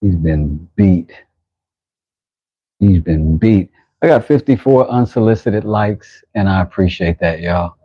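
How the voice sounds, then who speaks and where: A man's voice: deep voice, lively intonation, takes it slowly, slightly rough, no echo, muffled recording. A man hosting a livestream from his workshop, chatting casually with viewers and reacting aloud as he works. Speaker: livestream host and knifemaker. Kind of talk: casual livestream chat while working.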